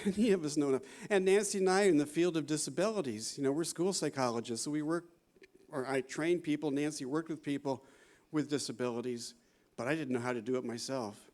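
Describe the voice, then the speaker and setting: A man in his sixties, a psychology professor, lectures at a conference with lively intonation at a moderate pace, his voice fairly high and darkish. He keeps the tone conversational, often saying "you know" and "right?" and laughing along the way.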